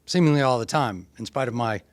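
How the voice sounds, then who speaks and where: A man in his fifties who speaks haltingly and corrects himself as he begins a presentation at a town meeting. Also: medium pitch. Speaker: land developer presenting. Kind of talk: public presentation.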